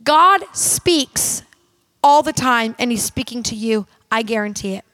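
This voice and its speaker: High-voiced woman preaching emphatically. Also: animated, a little slow, a bit bright, no echo. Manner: emphatic, direct and conversational, addressing the audience. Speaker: minister. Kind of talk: sermon.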